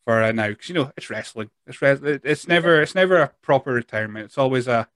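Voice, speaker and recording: A man's voice: mid-range voice, expressive, quick pace, a bit bright, no room sound. Rambling male podcast host, dry mic. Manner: rambling, self-deprecating, frequent restarts. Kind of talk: casual chat.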